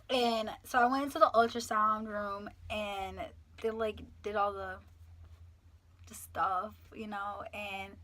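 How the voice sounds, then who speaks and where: A woman's voice: mid-range voice, fairly bright tone. An eighteen-year-old woman, telling a story casually and animatedly, swearing and acting out the people she quotes. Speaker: vlogger.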